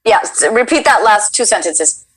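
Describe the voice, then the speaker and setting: Woman, interview host, playful and encouraging, very lively pitch. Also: normal speed, husky, poor audio. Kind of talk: casual interview. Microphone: video call.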